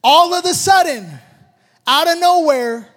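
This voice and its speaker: A father with an unusually high voice tells a personal story about his family, speaking a little slowly and acting out each moment with shouted sound effects. His animated telling carries a life lesson, and his words echo with the long reverb of a large hall.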